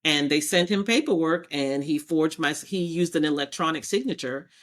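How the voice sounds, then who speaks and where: A woman's voice: sits low, normal speed. A woman as a podcast guest, telling her personal story and acting out past conversations as she goes. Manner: animated, acts out past exchanges in quotes.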